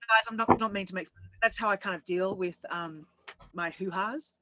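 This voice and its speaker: A woman's voice: mid-range voice, a little fast, muffled recording, background noise. A woman co-hosting a casual chat, rambling and laughing as she tells her story. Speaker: co-host.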